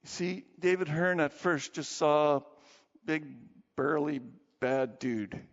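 A male preacher, voice on the high side and slow, tells stories energetically in his sermon and wraps up with a quiet prayer. The audio is dull, with long hall reverb.

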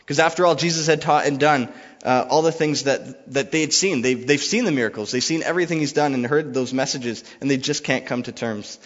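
A man's voice: medium pitch, brisk. Man preaching in a reverberant hall. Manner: conversational, paraphrases dialogue casually. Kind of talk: sermon with scripture reading. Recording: dull lo-fi sound with long reverb.

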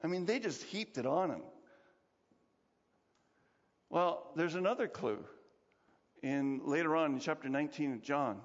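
Male pastor, chatty animated sermon; slightly high voice, dull reverberant church recording. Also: measured pace, pauses often. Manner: animated, conversational, acts out quotes.

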